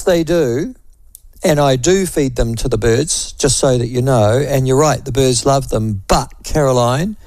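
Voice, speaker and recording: A man with a New Zealand accent and a higher, darkish voice hosts talkback radio in a dry recording. He reads out listener messages and chats wryly, tossing in self-deprecating asides.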